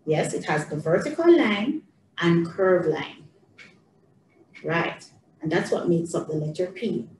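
A woman teaching young children, speaking in a slow, singsong, encouraging way, recorded a bit away from the mic in an echoey room with faint background noise. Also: lowish voice, big pitch swings, a little mellow, recorded from a distance.

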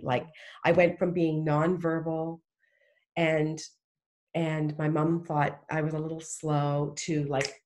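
Low-voiced middle-aged woman, earnest. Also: darkish tone. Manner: earnest, heartfelt, emphatic with restarts. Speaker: podcast guest. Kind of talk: casual faith conversation.

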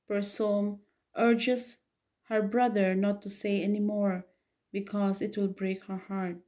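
A woman's voice: medium pitch, dark tone. A woman teacher explaining and reading a play aloud to her students, with frequent okay and so. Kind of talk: literature lesson reading a play.

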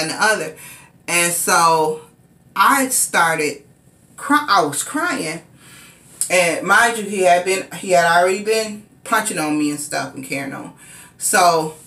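Woman recounting her own story, unhurried and repetitive, recorded in a reverberant room. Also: lowish voice, bright, forceful tone. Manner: rambling, repetitive, conversational with many fillers. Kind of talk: casual personal storytime.

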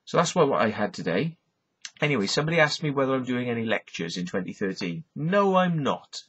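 Middle-aged Welsh man, husky combative ranter, dull lo-fi vlog audio, swears constantly. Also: mid-range voice, big pitch swings, fairly quick, a bit bright. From Wales. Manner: sweary, combative, repeats "right?" and "yeah?". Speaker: YouTube vlogger. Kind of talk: profane ranting monologue. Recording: dull lo-fi recording.

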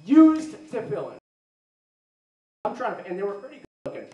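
A man's voice: sits high, lively intonation. Young guy doing a stand-up set, rambly, keeps doing little voices, sounds roomy and far from the mic. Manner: rambling, self-deprecating, mimics people in quick put-on voices. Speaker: stand-up comedian. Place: live comedy venue with audience. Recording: roomy live venue, mic picked up from a distance.

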